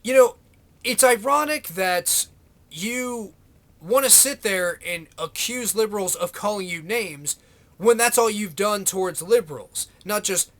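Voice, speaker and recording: A man's voice: high voice, animated, normal speed, fairly bright tone. A man ranting to camera in a vlog, sarcastic, exasperated and swearing freely. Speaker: vlogger. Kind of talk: political rant to camera.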